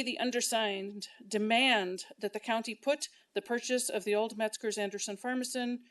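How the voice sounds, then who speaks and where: Woman, middle-aged, shop owner, indignant public comment, fairly high voice. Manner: impassioned, indignant, speaking in bursts. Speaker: local business owner giving public comment. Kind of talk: public comment at a council meeting.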